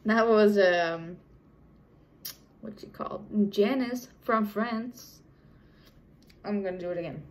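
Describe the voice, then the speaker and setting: A young woman vlogger rambles casually to her viewers at an unhurried pace. Her thoughts wander, and she often breaks off and restarts her sentences. Her voice sits at an ordinary middle pitch. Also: low-quality recording. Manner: rambling, chatty, with many restarts. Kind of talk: casual unscripted talk to camera.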